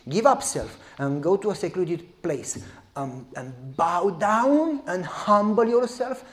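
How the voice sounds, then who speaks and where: Speaking slowly in a high-pitched, animated voice, a preacher delivers a sermon that swings from loud outbursts to quiet asides. He performs the voices of the characters in his stories.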